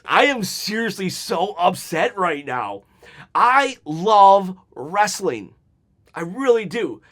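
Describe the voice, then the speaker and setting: A man's voice: high-pitched, a bit bright. A man giving heated, exasperated hot-take commentary on wrestling, with sarcastic mock quotes.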